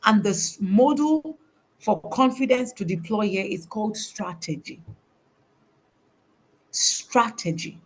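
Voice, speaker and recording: A woman's voice: medium pitch, expressive, normal speed, a little mellow, slightly rough. A woman giving a faith-based motivational talk over a video call, emphatic and preacherly, repeating her key words. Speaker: motivational speaker.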